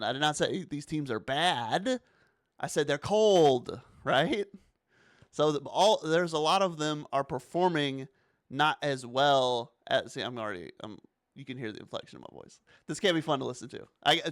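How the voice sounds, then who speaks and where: A man hosting a sports talk show, chatting casually and animatedly, sometimes rising to exasperated near-shouts. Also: a little high, no room sound, studio quality. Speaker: sports podcast host.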